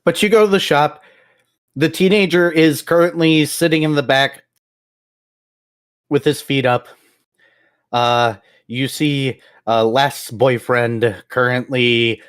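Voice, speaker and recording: Lively-voiced man running a tabletop game. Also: mid-range voice. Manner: relaxed, chuckling, talks while eating. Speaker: game master.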